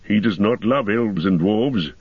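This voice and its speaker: A man's voice: lowish voice, unhurried, breathy edge, dry recording, dull audio. A man voicing a stubborn male dwarf warrior in a growling, grim manner.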